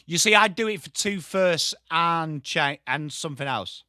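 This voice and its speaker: A man's voice: a little high, animated, measured pace, bright, forceful tone, clear, resonant tone, no room sound, studio quality. An English man hosting a live football watchalong stream, chatting bluntly with viewers by name between calls on the play. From England. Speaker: livestream host.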